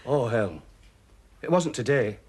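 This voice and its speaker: A man's voice: mid-range voice, sing-song, slow, darkish tone, husky, full character voice. An actor playing a jokey, chatty man courting a woman in a television soap, cajoling and cheerful. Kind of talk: 1980s television soap acting.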